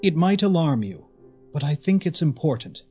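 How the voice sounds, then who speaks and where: A man reading the part of a calm, composed woman who reassures and questions steadily. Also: a little high, normal speed, husky, soft background music. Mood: calm, reassuring.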